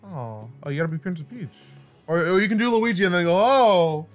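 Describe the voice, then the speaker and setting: Playful co-host gamer guy, pitch all over the place, game music faint behind. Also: very animated, fast. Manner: goofy, playful, repeats shouted catchphrases and hums along. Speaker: gameplay co-host. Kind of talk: casual let's-play banter.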